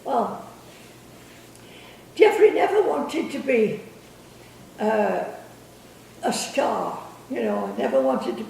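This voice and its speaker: An older woman telling family stories in a halting, chuckling way, losing her thread now and then. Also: a little high, very animated, vocal fry, darkish tone, slight background noise. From England. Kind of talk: casual storytelling. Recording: echoey room from a distance.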